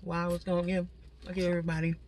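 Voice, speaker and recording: A woman's voice: on the low side, completely flat delivery, rapid-fire, background noise. A woman vlogger chatting casually to her viewers from inside a parked car. Her voice is slightly stuffy from a cold, and she talks straight to the audience with lots of asides. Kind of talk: casual talking mukbang chat.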